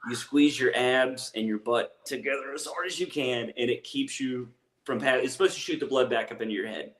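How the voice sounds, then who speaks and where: A man's voice: mid-range voice, brisk. A young man with an Appalachian accent, a comedian telling a rambling, self-deprecating story in casual chat. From East Tennessee. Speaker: comedian guest. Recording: echoey room.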